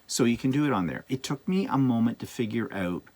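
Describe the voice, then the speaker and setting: A man's voice: mid-range voice, a little fast. A man chatting casually to camera about his quilting projects, rambling with asides and fillers. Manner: rambling, lively, with many ums and asides. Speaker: quilting vlogger.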